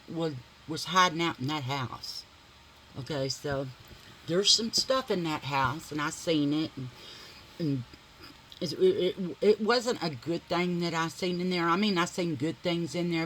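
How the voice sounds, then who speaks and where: A woman's voice: low-pitched, fairly bright tone, slight background noise, low-quality recording. A middle-aged woman vlogger telling a dramatic story while doing her makeup, blunt and full of swearing.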